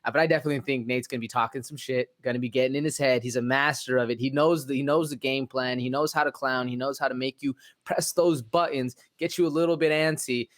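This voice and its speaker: Man, mid pitch, laid-back slangy podcast talk, casual chat. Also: quick pace, hardly any pauses. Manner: relaxed, slangy, many fillers. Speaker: podcast co-host.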